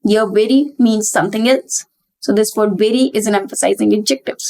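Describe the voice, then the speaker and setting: A woman's voice: medium pitch, fairly quick, a little mellow, rough recording. A young woman teaching an exam-prep English grammar lesson, explaining step by step and repeating key terms.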